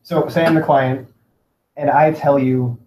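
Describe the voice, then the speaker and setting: A man's voice: mid-range voice, fairly even intonation, measured pace, dark tone, a little hiss or hum. Wry joking man in an echoey room. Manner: wry, jokey interjections. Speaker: podcast co-host. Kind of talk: casual chat.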